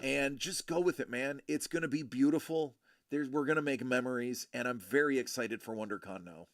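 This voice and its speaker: A man hosting a casual livestream, joking and teasing his viewers with quick asides. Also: medium pitch, no room sound, studio quality. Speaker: livestream host, collector.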